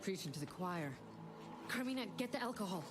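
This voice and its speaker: An actress playing a determined, caring woman who leads a settlement in a video game, speaking in a firm, encouraging, brisk way. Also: mid-range voice, lively intonation, noisy background, natural voice.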